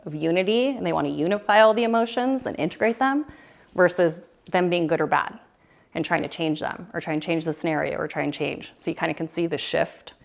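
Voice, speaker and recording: A woman with a slightly low voice and a gravelly, creaky edge speaks at a retreat. Her talk is loose and rambling, full of fillers and restarts. She is in her thirties. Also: a little fast. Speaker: retreat presenter. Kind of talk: casual talk to a small group. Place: retreat room.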